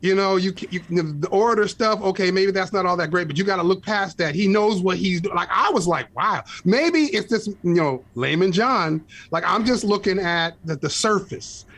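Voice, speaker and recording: A man co-hosting a podcast in casual chat, talkative and quick to laugh. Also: high-pitched, a bit bright, no echo. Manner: chatty, laughs easily, many fillers like "like" and "you know". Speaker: podcast co-host.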